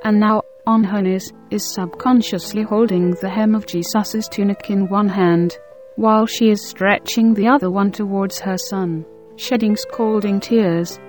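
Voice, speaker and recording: A woman narrating a religious story in a measured, solemn reading. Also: mid-range voice, fairly even intonation, a little mellow. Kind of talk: scripted narration of a devotional story. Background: faint instrumental music.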